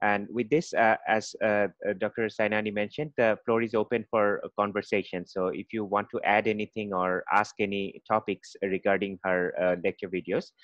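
A man's voice: on the low side, level tone, moderate pace, few pauses, fairly bright tone, no echo. A man moderating an online workshop, speaking politely and hesitantly with many uhs over a video call. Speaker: event moderator. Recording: dull dry lo-fi call audio.

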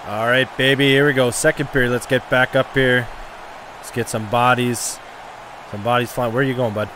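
A man riffing loosely over a hockey game he is playing, cheering, groaning and trash-talking the players as they go. His voice sits in a middle register, with clear background noise running under the recording. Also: mid-range voice, fairly even intonation, normal speed, long pauses. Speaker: gaming commentator. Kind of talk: casual gameplay commentary.

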